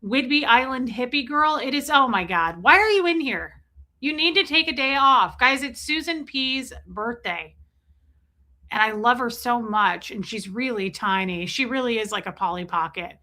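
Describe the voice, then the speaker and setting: A woman's voice: a little high, animated, normal speed, bright, forceful tone. A woman hosting a casual livestream, chatting and joking as she reads out viewers' names. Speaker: livestream host.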